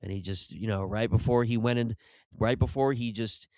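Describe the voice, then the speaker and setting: Comic host, lowish voice, dry close sound, rambling monologue. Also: male voice, normal speed, darkish tone, dry recording. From Irish family background. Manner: rambling, self-interrupting, mock-ad voice bursts. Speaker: comedian host. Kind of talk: casual comedic monologue.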